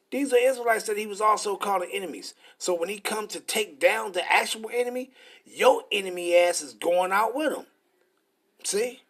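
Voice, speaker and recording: A man preaching in a combative, profane style, reading scripture slowly between angry asides. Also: fairly high pitch, husky.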